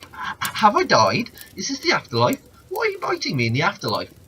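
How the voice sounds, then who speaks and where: A man voicing a frightened, thirsty man lost in the desert, who stammers and croaks as he pleads. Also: sits high, huge pitch swings, fairly quick, bright, forceful tone, a little hiss or hum, pitched above the performer's own voice, full character voice. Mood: bewildered. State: dizzy and weak from thirst.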